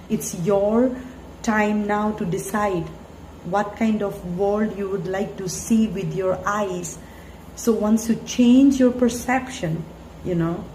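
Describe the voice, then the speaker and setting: A woman giving a spiritual tarot reading in an earnest, halting way, full of fillers and restarts. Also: medium pitch, dark tone. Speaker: tarot reader. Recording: echoey room, faint hiss.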